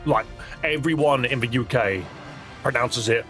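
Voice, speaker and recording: A man's voice: medium pitch, measured pace, a bit bright, faint music behind. A British man chatting casually and wryly as a live streamer, reacting to a video and laughing often.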